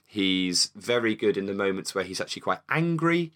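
A young man with a fairly low voice, chatting casually as co-host of a film podcast. He swears easily, restarts sentences and repeats words as he goes. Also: very animated, normal speed, a bit bright. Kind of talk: casual chat.

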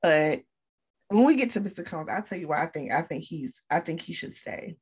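Woman with a husky lowish voice, chatting about a tv show, lively ups and downs. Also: normal speed. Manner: relaxed, agreeable, hesitant fillers. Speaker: co-host. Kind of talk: casual chat recapping a TV show.

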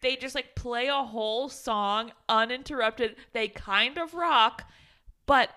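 A woman's voice: fairly high pitch, slow pace, bright, forceful tone. A young woman co-hosting a podcast, chatting casually about a film, giggly, exasperated and mocking. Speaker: podcast co-host. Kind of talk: casual chat recapping a film.

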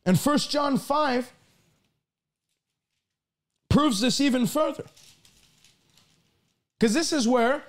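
A man preaching a sermon, reading scripture aloud with slow, emphatic stresses. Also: very high voice.

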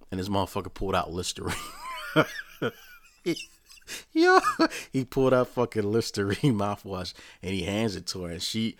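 A deep-voiced man tells a story in a loose, rambling rant, with swearing in almost every line. The sound is dry and close, with no room around it. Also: no echo. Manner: profane, rambling, animated storytelling. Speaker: vlogger. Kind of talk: casual rant recapping a show.

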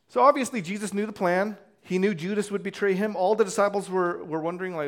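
A man's voice: high-pitched, quick pace, hardly any pauses. A man preaching a conversational sermon as pastor, telling the story casually and acting out voices.

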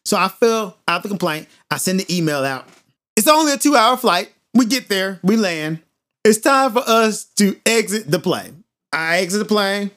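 A man hosting a podcast, telling a story in an animated, emphatic monologue and repeating points for effect. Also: sits high, moderate pace. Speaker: podcast host.

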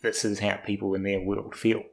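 A man's voice: lowish voice, flat delivery, a little fast, vocal fry, rough recording. A young man from New Zealand in casual, rambling chat, swearing freely as he talks about life abroad.

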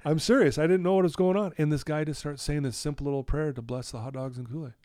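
A middle-aged man, a podcast guest telling his story in an animated way and acting out his own quoted lines. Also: fairly high pitch, fast, no echo. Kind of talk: storytelling in a conversational interview.

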